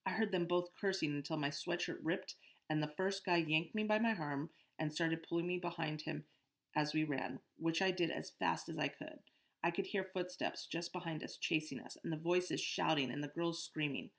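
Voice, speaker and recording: A woman reading a children's novel aloud in steady, first-person storytelling. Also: low-pitched, moderate pace, creaky. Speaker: audiobook narrator. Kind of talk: scripted first-person narration.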